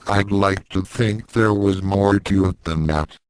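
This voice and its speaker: A man's voice: low-pitched, a little slow, smooth, no room sound, low-quality recording. A man reading fan fiction aloud and voicing a hot-tempered young fighter with a defensive, frustrated manner. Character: young martial artist boy, guilty and hot-tempered.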